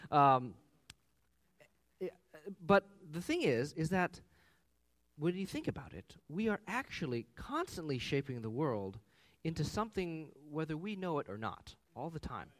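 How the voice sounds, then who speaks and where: Animated man preaching a sermon. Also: on the high side, unhurried. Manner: animated, conversational with personal anecdotes. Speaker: pastor.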